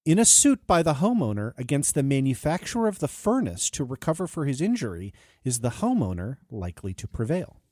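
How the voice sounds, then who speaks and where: A man's voice: medium pitch, fairly quick, dry recording, studio quality. A man co-hosting a podcast, reading out quiz answers and the show's sign-off with a laugh in his voice. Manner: laughing while reading, lively. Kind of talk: reading questions and casual chat.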